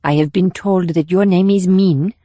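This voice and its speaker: A man's voice: high-pitched, moderate pace, no echo, voice pushed up, natural voice. A male audiobook narrator voicing a cold, ruthless female state agent who speaks in clipped, commanding lines. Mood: measured. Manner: clipped, commanding, flat menace. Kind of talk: audiobook character voice.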